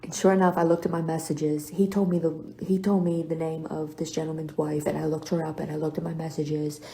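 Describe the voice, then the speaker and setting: Gravelly woman vlogger. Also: low-pitched, fairly quick, a little hiss or hum. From North Carolina, US. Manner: self-deprecating, animated storyteller. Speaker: lifestyle vlogger. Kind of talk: casual storytelling to camera. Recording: echoey room.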